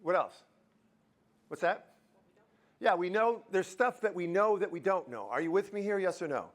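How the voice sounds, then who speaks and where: At a moderate pace and in a high-pitched voice, a man presents a live motivational talk in a university auditorium. He jokes around energetically and tests the audience with questions.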